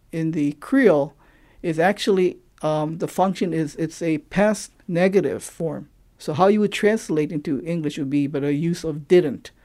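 A man from Hawaii who teaches the local creole, explaining its grammar through examples in a thoughtful, halting way, often pausing to search for words. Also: fairly high pitch, mellow.

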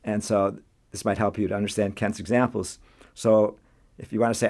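Man, lowish voice, friendly explainer giving a quick grammar lesson, modest about himself. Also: little pitch movement, darkish tone. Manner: friendly, explanatory, self-deprecating.

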